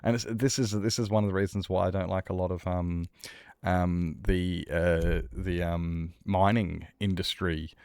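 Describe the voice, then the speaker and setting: A man's voice: low voice, fairly even intonation, a little slow, darkish tone, clear, resonant tone, no echo, studio quality. A young man streaming a game, chatting casually with chat in a rambling, blunt way and swearing freely. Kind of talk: casual chat while gaming.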